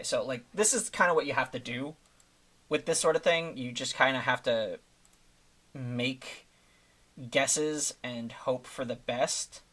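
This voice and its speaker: Pitched in the middle with a fairly bright tone, this man is a laid-back streamer working on thumbnails. His live-stream commentary wanders loosely as he talks through each step, packed with fillers.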